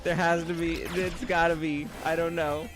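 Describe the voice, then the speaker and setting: A man with a slightly higher voice streams a platformer, chatting loosely with his viewers. He reads their messages out loud and keeps bursting into loud, high laughter, while faint music plays behind him. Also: level tone, normal speed. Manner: reads chat aloud and reacts with loud, high laughing outbursts. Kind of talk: live game stream chat.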